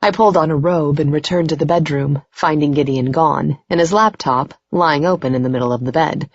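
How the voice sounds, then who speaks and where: A woman's voice: low voice, brisk, dry recording, muffled recording. A woman narrating a first-person romance audiobook in an intimate, emotional way. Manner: intimate, emotional, rising to tearful in dialogue.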